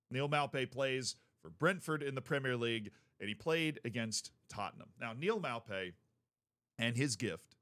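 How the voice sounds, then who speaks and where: A man with a mid-range voice gives casual, rambling sports commentary. He tells it like a story, cracks jokes along the way and gets more and more worked up and animated. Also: medium pitch. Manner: animated, joking storyteller who works himself up.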